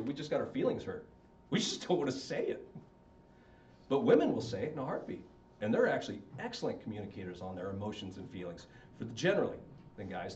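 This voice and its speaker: A middle-aged man counseling an audience on marriage, casual and joking, asking them questions. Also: darkish tone. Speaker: marriage counselor and wedding officiant. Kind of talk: talk to a live audience. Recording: roomy, distant and dull with faint rumble.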